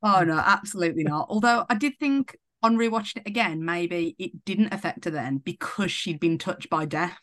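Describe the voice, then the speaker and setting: Female guest, lower voice, measured film talk, dry recording. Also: fairly bright tone, no echo. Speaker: podcast guest. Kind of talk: casual film discussion.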